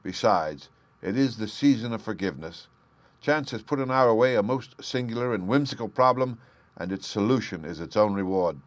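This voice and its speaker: A man reading aloud plays a calm, aloof detective who speaks in measured, quietly authoritative tones. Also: fairly low pitch, natural voice. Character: calm, aloof male detective, middle-aged.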